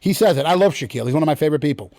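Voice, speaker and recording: A middle-aged man with a fairly high voice chats as an interview guest and tells stories with animated energy. He acts out quotes in sudden loud bursts. The sound is close and dry, with no room around it. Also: very fast, no room sound. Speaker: guest, actor. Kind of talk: casual interview chat.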